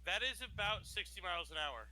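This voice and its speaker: A man playing a tabletop game, excitable, working out numbers aloud. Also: sits high, fairly quick, crowd noise, low-quality recording. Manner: excitable, does math aloud. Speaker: player. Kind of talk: casual tabletop play.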